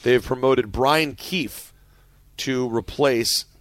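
A man hosting a sports talk radio show, animated and jokey as he steers the banter. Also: medium pitch, slow, no room sound. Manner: animated, jokey, leads segments. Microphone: studio microphone.

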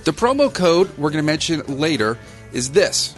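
A man's voice: on the high side, sing-song, normal speed, soft background music. A man hosting a podcast, talking over a remote call and asking chatty, friendly questions. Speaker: podcast host. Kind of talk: podcast interview. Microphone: remote call with some feedback.

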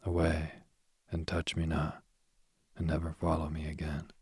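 A man's voice: rumbling low, completely flat delivery, measured pace, vocal fry, darkish tone, slightly rough, dry recording, studio quality, exaggerated voice. A man voicing a proud young man who scorns love, speaking coldly and curtly in a storybook reading. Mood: sharp.

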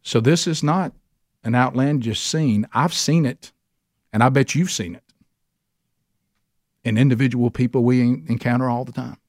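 A man with a Southern US accent preaching in a men's Bible study. He is earnest and emphatic and lifts his voice sharply to stress a point. His voice sits at an average pitch and is recorded close and dry, with no room echo. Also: moderate pace, pauses often, darkish tone. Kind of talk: sermon.

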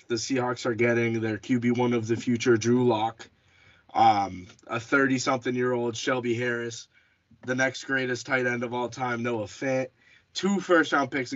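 A man's voice: mid-range voice, a bit bright. A man hosting a casual sports podcast, chatty, often restarting and correcting himself. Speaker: podcast host. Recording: dull lo-fi audio.

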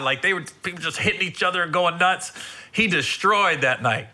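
A male comedian with a very bright, tense voice, telling stories in casual chat. His pitch leaps around lively as he acts out other people, swearing and laughing freely. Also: brisk. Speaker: stand-up comedian, podcast host.

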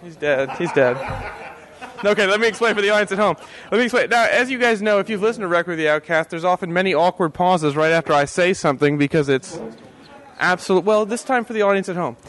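A man's voice: high-pitched, fast talker, fairly bright tone. A man hosting a podcast live from a convention panel, joking and theatrical in his delivery. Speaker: podcast host.

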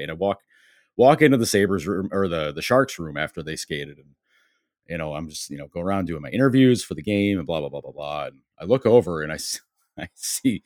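Podcast guest, a male sports writer with a Western New York accent, deep voice, dry close sound, rambling anecdotes. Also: no echo. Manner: rambling anecdotes, many fillers and acted-out quotes. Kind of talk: casual storytelling on a podcast.

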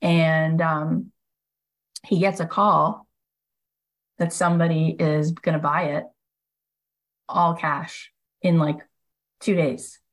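A woman's voice: low-pitched, slow, long pauses, low-quality recording. A woman podcast host telling a story in a casual monologue, acting out the people she quotes, with lots of "like" and "he goes.". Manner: lively storyteller who acts out quoted speakers.

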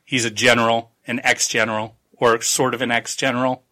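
A man's voice: mid-range voice, little pitch movement, brisk, sharp tone, low-quality recording. A man on a podcast casually recapping a novel's plot, rambling and swearing as he acts out the characters. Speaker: podcast co-host.

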